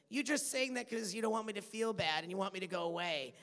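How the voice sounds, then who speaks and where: A man's voice: high-pitched, lively intonation, quick pace, a bit bright, in a large hall. A man who is a voice actor, answering questions on a convention panel in a chatty, playful way that is full of laughs. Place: large convention hall.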